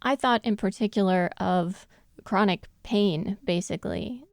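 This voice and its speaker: Podcast co-host, woman, thoughtful and quick to laugh, clean smooth tone. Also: mid-range voice, a little mellow, no echo, studio quality. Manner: thoughtful, laughs often while explaining. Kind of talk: casual analytical chat.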